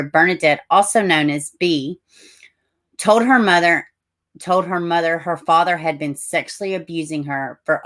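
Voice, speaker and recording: Deep-voiced middle-aged Southern woman from Tennessee, hosts a casual stream, chatty, corrects herself often. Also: a bit bright. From Tennessee, USA. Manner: chatty, frequent asides and self-corrections. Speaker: livestream host. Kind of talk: casual livestream talk, reading news aloud.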